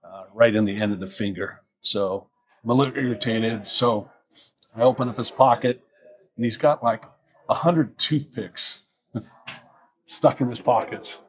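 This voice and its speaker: A man's voice: on the low side, measured pace, pauses often. A middle-aged man, a police officer, telling a casual story from his early years on the job in a dry, easygoing way, acting out both sides of the exchange. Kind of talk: casual anecdote.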